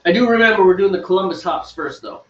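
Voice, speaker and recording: A man's voice: high voice, quick pace, fairly bright tone. A man hosting a homebrew livestream, chatting casually and teasing with playful exaggeration. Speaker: homebrewing host. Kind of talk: casual banter while brewing. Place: home brewing space. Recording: distant roomy lo-fi livestream audio.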